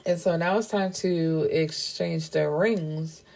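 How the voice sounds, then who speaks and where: A woman's voice: low-pitched, steady tone, slow, gravelly, darkish tone. A woman casually recapping a novel's plot as a book reviewer, chatty and full of fillers and self-corrections.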